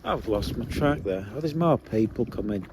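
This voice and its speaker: A man's voice: on the low side, expressive, normal speed. A man chatting casually and coaxing his dogs on an outdoor walk, recorded on a handheld phone. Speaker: vlogger. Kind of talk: casual chat while walking dogs. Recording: outdoor phone audio with background noise.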